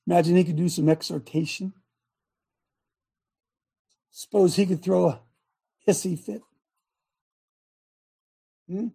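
Husky, fired-up woman talk show host. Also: fairly low pitch, steady tone, takes it slowly, pauses often. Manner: emphatic, rambling, self-interrupting, bursts into shouting. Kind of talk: animated talk show monologue.

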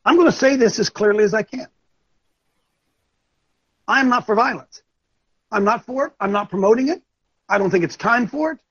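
A man's voice: high-pitched, normal speed, pauses often, a bit bright, slightly rough, no room sound, muffled recording. An older man hosting a talk show, delivering impassioned, preachy commentary and often repeating himself. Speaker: show host.

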